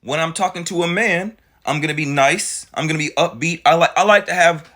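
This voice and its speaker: A man giving reaction commentary to viewers, animated and full of rhetorical questions. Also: a little high. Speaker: commentary creator reacting to clips.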